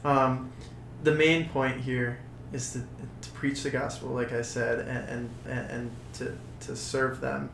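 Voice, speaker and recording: Brief: young man, gravelly voice, measured and halting, echoey room with faint hum. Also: medium pitch, flat delivery. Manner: measured, halting with repeated words. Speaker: camp staff lead. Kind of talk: casual interview answer. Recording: roomy recording with faint background hum.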